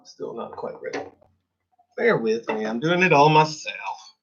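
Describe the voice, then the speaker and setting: A man's voice: mid-range voice, lively intonation, unhurried, muffled recording, over loud music. A man teaching an online drum lesson, chatting casually and counting students through the exercises. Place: drum studio. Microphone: phone camera.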